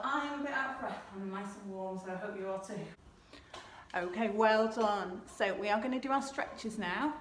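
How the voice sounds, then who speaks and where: A woman's voice: mid-range voice, slight background noise. A woman coaching a home gymnastics class, calling out jumps and stretches while doing them along with her pupils. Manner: calls out moves while exercising along. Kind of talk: home exercise class instruction. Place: indoor room at home. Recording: echoey room, mic far off.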